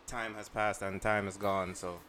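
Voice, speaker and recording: A man's voice: fairly low pitch, level tone, moderate pace, a bit bright, slight background noise. A man joking in a casual podcast chat with friends, laughing often.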